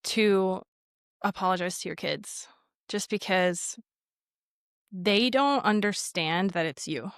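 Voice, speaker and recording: A woman in her thirties, a podcast guest, talking in a reflective, unhurried way about parenting and faith. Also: medium pitch, clear, resonant tone, dry recording, clean studio sound. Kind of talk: casual faith conversation.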